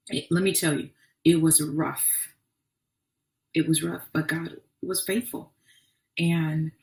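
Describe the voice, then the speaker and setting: A woman hosting a podcast, telling her own story in an earnest, faith-filled way with many restarts. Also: low-pitched. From Arkansas. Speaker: podcast host. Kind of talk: personal testimony podcast. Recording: echoey room, distant mic.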